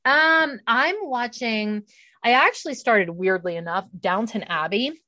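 A woman's voice: a little high, measured pace. Chatty middle-aged woman telling stories. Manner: chatty storyteller, animated and laughing. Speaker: podcast co-host. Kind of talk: casual chat.

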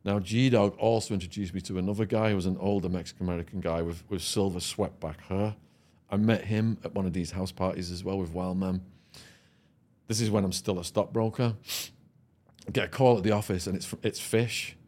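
A man's voice: sits low, steady tone, fairly quick, a little mellow. An Englishman on a podcast, telling a vivid, profane story and laughing as he goes. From England. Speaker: podcast guest. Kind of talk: storytelling anecdote.

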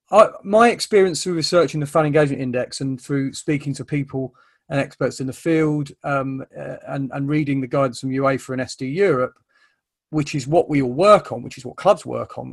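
A man's voice: on the high side, vocal fry. A man hosting an interview, talking thoughtfully with many ums and stammered restarts. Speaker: interviewer, host. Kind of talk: conversational interview.

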